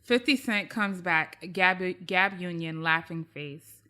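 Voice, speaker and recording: A woman's voice: on the low side, slow. A woman co-hosting a podcast, chatting casually and emphatically about pop-culture news. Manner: animated, emphatic, repeats phrases for emphasis. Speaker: podcast co-host.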